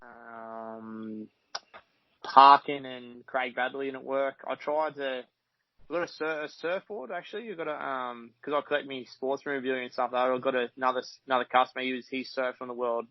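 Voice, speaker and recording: A man's voice: medium pitch, steady tone, moderate pace, no echo. Australian man, podcast guest; rambling, cussing yarns; dry, slightly muffled sound. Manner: rambling, swears casually, laughs often. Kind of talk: casual chat.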